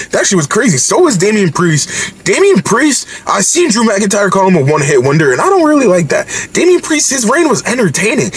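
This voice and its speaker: A man from Canada talks through a wrestling show in a casual, excited recap. His voice sits high and leaps all over the place, with a husky, slightly rough edge. He repeats words and breaks into sudden shouts. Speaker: wrestling commentary vlogger.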